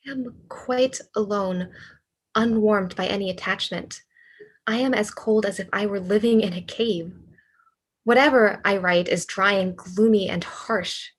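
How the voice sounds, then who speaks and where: A woman's voice: medium pitch, a little slow, lightly acted. A woman reading the part of a despairing, lovesick young male writer in a cold reading over a video call, with earnest, pleading delivery. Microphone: computer mic on a video call.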